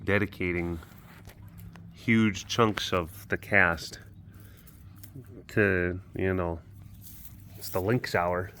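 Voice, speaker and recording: A man's voice: sits low, steady tone, extremely slow, pauses often, pushed and bright, slight background noise. A man chatting casually to camera outdoors by animal enclosures, doting and affectionate toward the cats. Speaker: vlogger at a wild animal facility. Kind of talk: casual vlog chat to camera.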